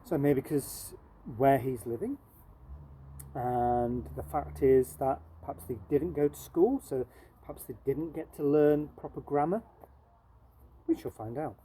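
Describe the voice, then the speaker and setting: A woman teacher reading a novel aloud to her pupils, speaking softly and asking them questions. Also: a bass voice, a little slow, slight background noise, poor audio. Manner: soft, steady, asks pupils questions.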